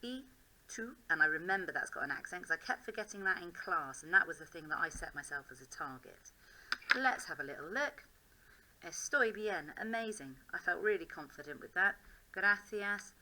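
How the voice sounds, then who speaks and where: An English woman with a low-set but very bright voice talks through her written work as a teacher. She thinks aloud in an upbeat, self-encouraging way, as in a classroom demonstration. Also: animated, fairly quick, low-quality recording.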